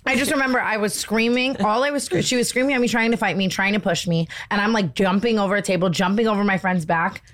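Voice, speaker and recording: A young woman in her twenties hosting a casual podcast, telling a story in an animated way and swearing freely. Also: mid-range voice, fast talker, few pauses. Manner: animated storytelling, heavy swearing, acts out quotes. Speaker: podcast host. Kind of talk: casual chat with ad reads.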